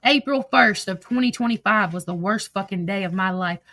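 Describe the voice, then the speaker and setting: A woman's voice: medium pitch, fairly quick, sharp tone, dry recording, studio quality. A woman hosting a livestream, ranting angrily and emotionally with lots of swearing and repetition into a phone. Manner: angry, profane, emotional, repeats herself. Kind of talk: heated livestream rant.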